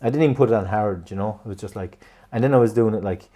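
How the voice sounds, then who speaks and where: An Irish man sits in casual chat as a podcast co-host, his voice low-pitched and soft-edged, mellow rather than bright. He tells stories in a loose, rambling way, with swearing and laughter scattered through them. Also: fast.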